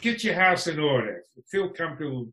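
A man's voice: a little high, very animated, brisk, pushed and bright, slight background noise. A man talking as a podcast guest in casual conversation, wry and frank, laughing often. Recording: echoey room.

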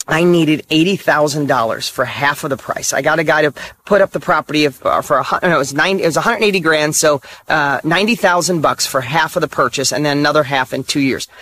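High-voiced, emphatic middle-aged motivational man. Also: fairly bright tone. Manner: emphatic, punchy short repeated statements. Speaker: motivational speaker. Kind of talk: motivational talk to camera.

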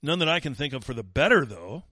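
A man's voice: mid-range voice, very animated, quick pace, bright, forceful tone, no echo, studio quality. A man hosting a talk show, giving sarcastic, mocking political commentary. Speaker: talk radio host.

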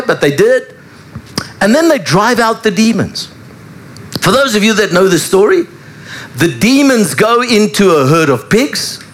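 Lively high-voiced male preacher. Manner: animated storytelling preacher. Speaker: pastor. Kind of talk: sermon.

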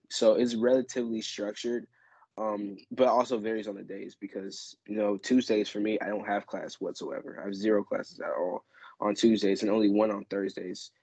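Gravelly low-voiced young man, flat delivery. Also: dry recording. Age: young adult. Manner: relaxed, rambling, self-mocking sarcasm. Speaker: college student. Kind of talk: casual group chat.

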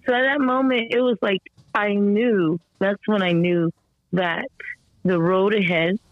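A woman as a podcast guest telling a story about her son in a rambling, animated way, full of fillers and restarts, her voice slightly strained, as she acts out the people she quotes. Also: fairly low pitch, creaky, no echo. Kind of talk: conversational storytelling interview. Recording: dull lo-fi dry sound.

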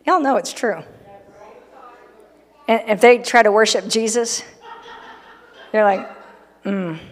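A middle-aged woman preaches in a church, her voice a touch high and lifting into long hall reverb. She talks in a casual, joking way, acting out little voices for the people in her story. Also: slow. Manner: conversational and humorous, acting out people. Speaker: pastor. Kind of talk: sermon. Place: church sanctuary.

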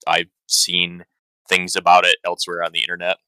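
A male podcast co-host talks casually, pausing and restarting as he goes. His voice is very deep and flat with a sharp, forceful tone. The sound is dry and close to the mic. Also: clean tone, dry recording, poor audio.

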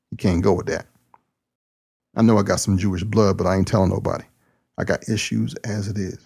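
A preacher hosts his own podcast, delivering a casual solo monologue in a folksy, joking, excitable manner. His voice sits on the low side, with vocal fry and a husky quality.

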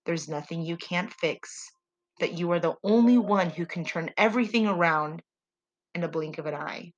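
A woman talks alone on her faith podcast in a slightly low voice. She speaks earnestly and prayerfully, heartfelt and sincere, as she addresses her listeners. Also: normal speed, highs cut off. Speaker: podcast host. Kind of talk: solo faith podcast monologue.

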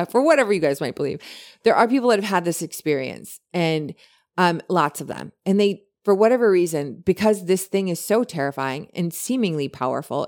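A woman co-hosting a podcast, chatting casually and retelling a story with many animated quotes. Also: fairly low pitch. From lived in California. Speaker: podcast co-host.

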